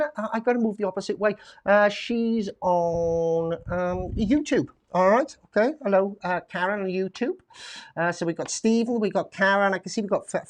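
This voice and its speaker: Chatty man hosting a live quiz. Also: high voice. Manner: chatty, rambling, many fillers and restarts. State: slightly out of breath. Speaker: quiz show host. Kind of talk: casual live-stream chat. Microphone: desk mic at a computer.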